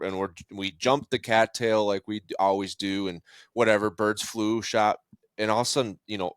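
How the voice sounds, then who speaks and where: A man with a fairly low voice hosts a relaxed podcast chat. He talks in an easy, friendly way and tells stories with lines spoken as other people. The recording is dry and close. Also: dry recording. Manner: relaxed and friendly, laughs along, retells stories with voiced quotes. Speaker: podcast host. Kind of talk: casual conversational podcast.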